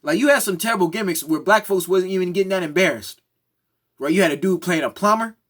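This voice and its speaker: A man's voice: sits high, fast, a bit bright. A man giving a heated, opinionated commentary, often tagging his points with "right?". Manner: heated, repeats "right?" and "come on now, man". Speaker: commentary vlogger. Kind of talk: opinionated monologue.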